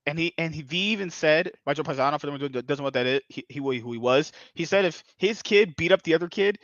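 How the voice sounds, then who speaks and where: A man's voice: on the high side, fast talker, a bit bright, no echo. Crude, blunt male podcast host, dull mic. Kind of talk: casual podcast chat.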